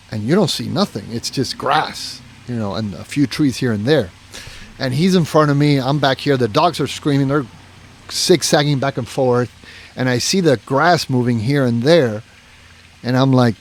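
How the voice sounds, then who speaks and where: A man telling a long story in a casual podcast chat, rambling, swearing and restarting his sentences. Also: mid-range voice. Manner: rambling, profane, full of "you know" and restarts.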